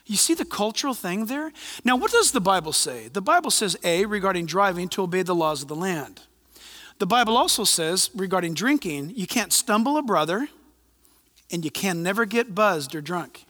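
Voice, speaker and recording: A pastor delivers a sermon in a church, his bright, high voice rising and falling as he speaks at a normal speed. He keeps things conversational and animated, tossing in joking asides, and a long hall reverb rings around him.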